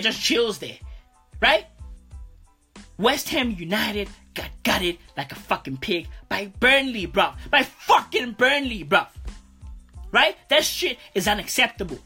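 A woman's voice: on the high side, pushed and bright, breathy edge. A woman delivering a heated, profane football rant in an emphatic, repetitive way. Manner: profane, emphatic, repetitive, talks to an absent player. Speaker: football commentator.

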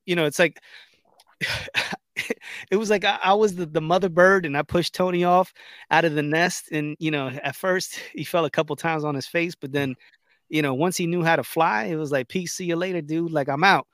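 Speaking at a normal speed with a fairly high pitch, a man co-hosts a laid-back podcast conversation, telling lively stories and acting out what people said. The studio recording is clean, with no room sound.

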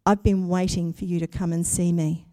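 A woman voicing a kind, patient old woodcarver who speaks softly and reassuringly in a storybook reading. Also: fairly low pitch, flat delivery, no echo, studio quality, voice pushed down, natural voice. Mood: welcoming. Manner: soft, slow, reassuring.

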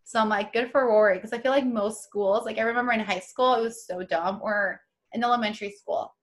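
A woman's voice: on the high side, fairly quick. A young woman co-hosting a podcast, chatting casually and animatedly about a TV show, with lots of "like.". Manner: chatty, animated, acts out quotes with many "like"s. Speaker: podcast co-host.

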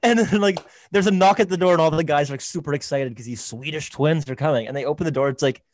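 Young guy, rapid laid-back talker, dry close mic. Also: on the high side, no echo. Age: young adult. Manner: fast, laid-back, many "like"s. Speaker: podcast co-host. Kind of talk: casual chat.

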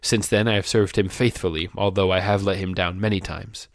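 A man's voice: low voice, steady tone, brisk, no room sound, clean studio sound. A man voicing a nervous, scheming male wizard teacher in a put-on British accent. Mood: menacing.

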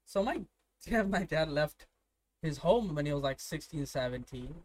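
A man's voice: a little high, expressive, normal speed, a little mellow. A young man from India chatting casually, swearing freely and telling stories with laughter. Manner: profane, storytelling, laughs often. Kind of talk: casual chat.

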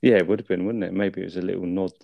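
A man's voice: low voice, fairly even intonation, very fast, vocal fry, dry recording, muffled recording. A man co-hosting a casual film review chat, laid-back and full of tag questions. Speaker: film review podcast co-host.

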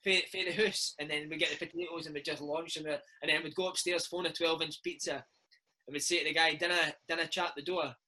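A Scottish former footballer, maybe in his thirties, telling lively, laughing stories in a casual interview. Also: fairly high pitch, a little fast, a little hiss or hum, rough recording. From Scotland. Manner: lively, laughing, says mate a lot. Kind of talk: casual storytelling chat.

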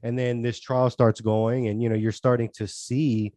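Male podcast co-host, mid-pitched, dry close sound, rambling and earnest in casual chat. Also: little pitch movement, moderate pace, mellow, dry recording.

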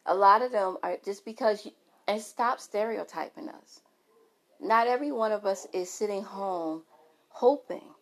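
At a moderate pace and medium pitch, a middle-aged woman vlogs frankly to her followers. Her candid, emphatic talk to camera is full of restarted sentences.

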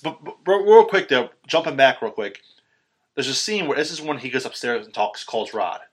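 A man's voice: medium pitch, animated, moderate pace, husky. A young man in a casual chat about a film, rambling with lots of fillers and swearing freely. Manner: rambling, profane, many fillers.

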